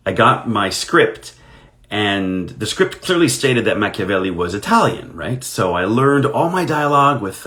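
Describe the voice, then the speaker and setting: Low-voiced man chatting while signing. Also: a bit bright. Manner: chatty anecdotal storytelling, self-deprecating. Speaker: actor signing autographs on a live stream. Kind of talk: casual chat while signing.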